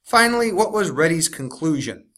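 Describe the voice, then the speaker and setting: Bright-voiced male teacher explaining slowly. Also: on the high side, big pitch swings. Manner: explains step by step, slows to stress key words. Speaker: science teacher. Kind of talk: recorded classroom lesson walkthrough.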